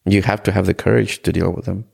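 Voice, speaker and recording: A middle-aged Ecuadorian man with a low, rough, heavily fried voice shares his life story as a guest on a podcast. His tone is steady and somewhat dark, and he often halts, restarts, and repeats words. He makes his memories vivid by replaying scenes through quoted dialogue, in a conversational personal testimony.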